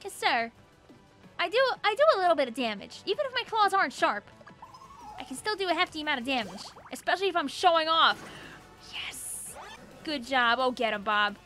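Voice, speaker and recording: A woman hosting a gaming channel, giving excitable, joking let's-play commentary and talking to the characters on screen. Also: high-pitched, fairly quick, faint music behind.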